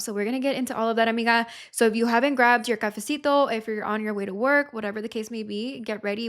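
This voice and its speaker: Chatty young woman podcast host. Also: fairly high pitch. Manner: chatty, expressive, swears freely; emotional, confessional. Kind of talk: casual chat.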